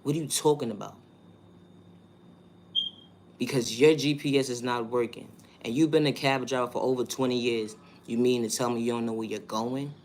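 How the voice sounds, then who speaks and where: New york guy venting in a vlog, keeps repeating himself, lots of rhetorical questions, kinda mid-pitched, a little room noise. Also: steady tone, normal speed. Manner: emphatic, repetitive, rhetorical questions. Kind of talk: monologue vlog.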